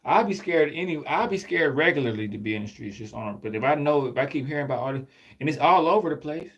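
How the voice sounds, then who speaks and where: A man in casual street talk, animated, acting out exchanges in shifting voices. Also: a little high, fast talker, highs cut off. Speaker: street commentator.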